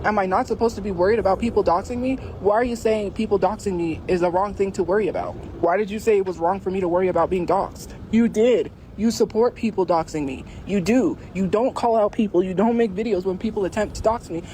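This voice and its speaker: A woman's voice: mid-range voice, fast talker, few pauses, mellow, slight background noise, poor audio. A woman arguing insistently on a livestream, repeating her point again and again. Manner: insistent, repetitive, confrontational. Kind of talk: heated livestream argument.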